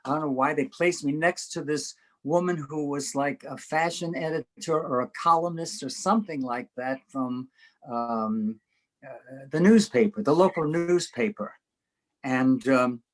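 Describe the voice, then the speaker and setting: A man's voice: a little high, measured pace, poor audio. An older man, an interview guest, telling show business stories with frequent laughter and acted-out voices. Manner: animated storyteller, laughs often, acts out voices. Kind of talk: anecdotal storytelling.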